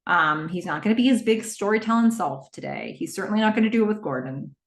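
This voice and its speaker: A woman hosting a podcast, recapping a TV episode in a casual, animated way and quickly acting out the characters' lines. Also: medium pitch, reverberant. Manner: animated retelling with quick quoted voices of characters.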